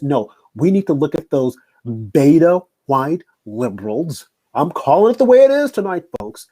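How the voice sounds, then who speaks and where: A man's voice: a little high, sing-song, moderate pace, dark tone, slightly rough. A man hosting a political commentary show, talking emphatically and repeating his points. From United States. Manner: emphatic, repetitive. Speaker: host.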